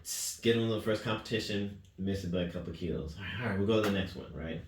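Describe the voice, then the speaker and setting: A man's voice: low-pitched, fast talker. A man, a youth weightlifting coach, telling a long story in casual interview talk. He rambles earnestly and ends phrases with "right?" and "man". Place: gym. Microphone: distant mic. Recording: echoey gym recorded from a distance, faint noise.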